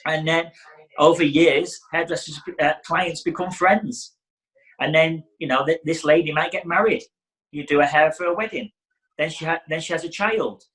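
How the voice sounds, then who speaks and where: A man's voice: fairly high pitch, normal speed, fairly bright tone, poor audio. Chatty man teaching hairdressing. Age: middle-aged. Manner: chatty, acts out client dialogue. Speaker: hairdressing educator. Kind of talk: casual teaching talk.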